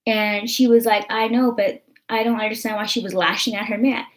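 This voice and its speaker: A woman's voice: fairly high pitch, steady tone, brisk. A young American woman vlogging in casual chat, rambling with lots of fillers and swearing.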